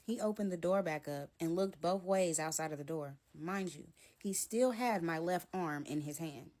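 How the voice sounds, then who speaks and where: Woman, casual storytime, blunt, candid, lower voice. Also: moderate pace, darkish tone. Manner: candid and blunt, retelling events play by play.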